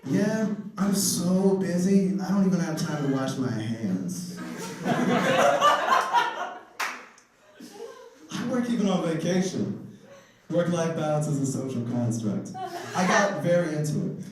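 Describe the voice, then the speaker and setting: A man doing stand-up, telling comic stories in an animated way and laughing through his jokes, with mock voices for the people he quotes. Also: on the high side, takes it slowly, long pauses, a crowd in the background. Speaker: stand-up comedian. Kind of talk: stand-up storytelling. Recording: distant mic, echoey room, noisy.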